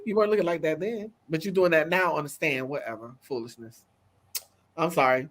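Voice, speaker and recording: A woman co-hosting a casual talk show, animated and emphatic, repeating words for effect. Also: deep voice, a little fast. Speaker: co-host. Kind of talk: casual chat.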